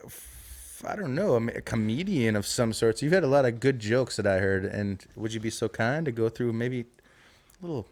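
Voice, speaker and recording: A man's voice: medium pitch, animated, normal speed, a little mellow. Laid-back man hosting a podcast. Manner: laid-back, laughs along, stumbles over words. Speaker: podcast host. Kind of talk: casual interview.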